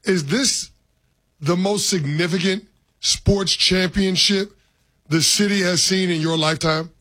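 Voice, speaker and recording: A man's voice: high voice, fairly even intonation, measured pace, sharp tone. A man co-hosting a sports chat and putting a question to the guest from off-mic. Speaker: co-host. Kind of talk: casual sports talk.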